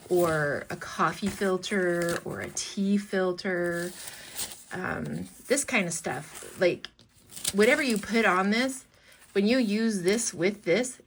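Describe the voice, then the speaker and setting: A woman talking through a crafting tutorial in a chatty, rambling way, with many fillers and restarts, now and then going soft while she works. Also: on the low side, a little hiss or hum. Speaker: collage artist and shop owner.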